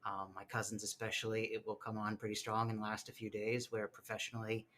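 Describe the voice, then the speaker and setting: A man's voice: lowish voice, monotone, fairly bright tone, a little hiss or hum. A man from Massachusetts with a faint Boston accent, answering reflectively and hesitantly as a teacher in an interview. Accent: Boston, mostly tamped down. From Medford, Massachusetts. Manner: hesitant, with many pauses.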